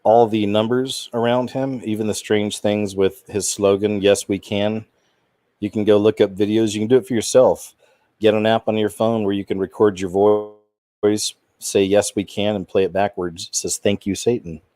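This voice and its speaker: Low-voiced man ranting indignantly. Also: fairly even intonation, normal speed, warm tone, dry recording. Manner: rambling, indignant, with trailing restarts. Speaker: channel host. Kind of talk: casual commentary monologue.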